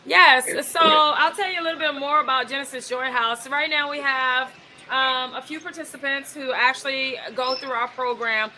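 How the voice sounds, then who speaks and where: A woman guest explaining her organization clearly in a casual interview. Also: sits high, steady tone, moderate pace, sharp tone, slight background noise, low-quality recording. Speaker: guest from a veterans charity.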